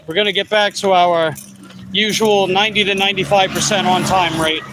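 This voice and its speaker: Riding his e-bike down the road, a middle-aged Long Island New Yorker who vlogs about delivery work talks loosely, reads out viewer comments, and keeps restarting his sentences. He speaks briskly in a high voice with a steady tone, and background noise is present.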